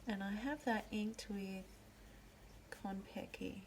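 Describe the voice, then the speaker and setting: A woman hosting a pen and ink video, calmly naming each pen and ink as she shows them. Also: mid-range voice, a little hiss or hum. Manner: gentle, unhurried, pausing to name each pen. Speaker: pen and ink channel host. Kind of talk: slow show-and-tell narration.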